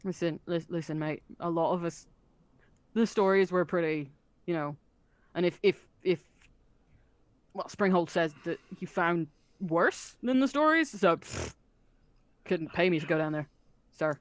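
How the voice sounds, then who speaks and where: A woman voicing a wary male town watch guard who talks haltingly. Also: lowish voice, no room sound, close to an everyday voice. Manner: halting, rambling.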